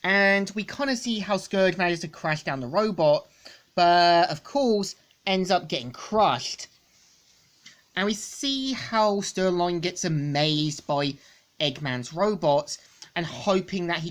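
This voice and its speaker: A woman reviewing a comic book in a casual, rambling plot recap, repeating stock phrases. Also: fairly low pitch.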